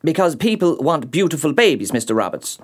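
A fertility doctor who pitches designer babies like a salesperson and stammers when thrown. Her voice sits low for a woman but swings widely in pitch. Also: big pitch swings, brisk, husky, heavily acted. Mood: salesy.

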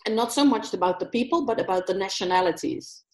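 A woman guest telling a story in a casual interview, animated, laughing often and mimicking accents. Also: medium pitch, quick pace, echoey room. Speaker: guest speaker.

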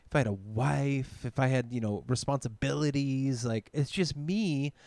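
A young man co-hosting a casual podcast, blunt and profane, laughing often and delivering bleak jokes flatly. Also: medium pitch, moderate pace, no echo. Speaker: podcast co-host. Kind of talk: casual crude banter.

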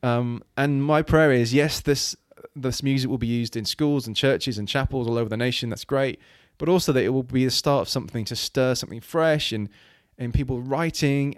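A man's voice: mid-range voice, no echo. Earnest man from Wales, dry sound. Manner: earnest, rambling with many restarts and fillers. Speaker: guest, children's ministry leader. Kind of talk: casual interview talk.

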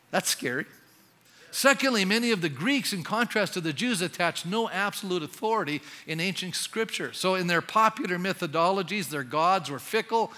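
A man preaching a sermon as pastor, emphatic and animated, often putting questions to his congregation. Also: high voice, moderate pace, big-room sound.

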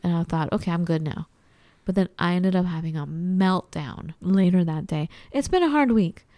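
A woman in casual conversation, telling a personal story in a lively way and acting out what people said. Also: fairly low pitch, normal speed, dry recording. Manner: animated storytelling, acts out quotes. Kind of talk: casual chat.

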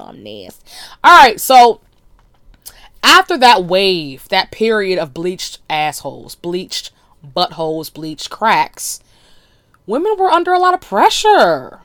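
A woman hosting a podcast, talking in a blunt, crude, animated solo monologue with laughing asides. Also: medium pitch, dry recording, clean studio sound. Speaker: podcast host.

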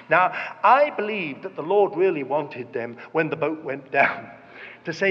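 A man's voice: high voice, moderate pace. A man preaching a sermon, telling a story dramatically and acting out the quoted voices. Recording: dull reverberant hall recording.

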